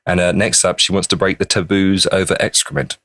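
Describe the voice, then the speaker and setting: A man's voice: low-pitched, flat delivery, brisk, bright, forceful tone, dry recording. A man co-hosting a podcast, chatting and goofing around with dry jokes. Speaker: podcast co-host. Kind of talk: casual banter.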